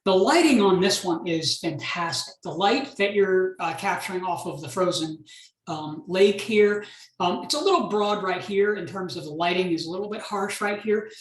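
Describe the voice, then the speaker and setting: A man, an art professor, giving recorded feedback on student photographs in a measured, reflective way with many pauses and restarts. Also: high-pitched, animated, roomy sound, rough recording.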